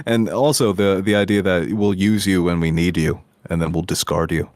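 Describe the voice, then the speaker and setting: Deep-voiced joking man, dry sound. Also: fairly even intonation, brisk, hardly any pauses, a little mellow, dry recording. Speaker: podcast co-host. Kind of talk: casual film review chat.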